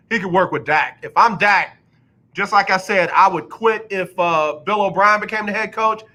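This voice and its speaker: A man on sports talk radio with a bright, forceful voice that sits a little high for a man. He rants bluntly and hammers his points by saying them again and again. Now and then he drops into a mocking announcer impression. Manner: blunt, ranting, repeats himself for emphasis; mocks others with exaggerated announcer impressions. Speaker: radio show host. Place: radio studio.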